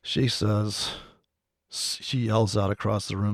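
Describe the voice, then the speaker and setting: A man streaming about forex trading, ranting in a rambling, profane way with sudden loud outbursts. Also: fairly low pitch, flat delivery, takes it slowly, no room sound, studio quality.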